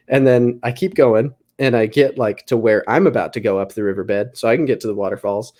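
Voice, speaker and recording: A man's voice: medium pitch, moderate pace, darkish tone. A young man hosting a podcast, casually telling a long story full of fillers and laughs. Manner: rambling, filler-heavy, laughing through the story. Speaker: podcast host.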